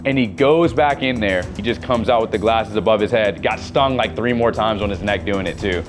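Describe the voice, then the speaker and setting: A man's voice: fairly low pitch, brisk, music in the background. A man narrating his own adventure as a voice-over, retelling it vividly and with animation. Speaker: wildlife adventurer.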